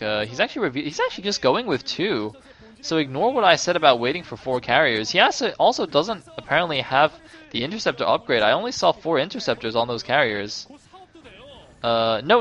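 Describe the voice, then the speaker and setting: A man giving casual play-by-play commentary on a game as an esports caster. He talks chattily, corrects himself often, and gets loud and excited when the action turns tense. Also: mid-range voice, lo-fi sound.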